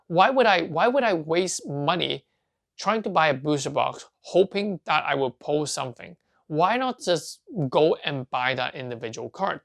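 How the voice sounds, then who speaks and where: Chatty video host with a gravelly voice. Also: mid-range voice. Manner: chatty, asks and answers own questions. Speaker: collecting channel host. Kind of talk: casual talk to camera.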